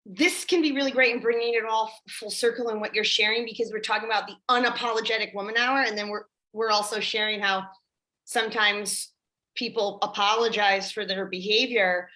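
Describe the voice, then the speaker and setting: Bright woman podcast host. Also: mid-range voice, steady tone, fairly quick, rough recording. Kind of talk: podcast hosting.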